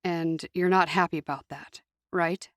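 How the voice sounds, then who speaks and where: A woman voicing a calm, even-tempered young Amish man who speaks quickly in a slightly lowered voice. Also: dry recording, studio quality.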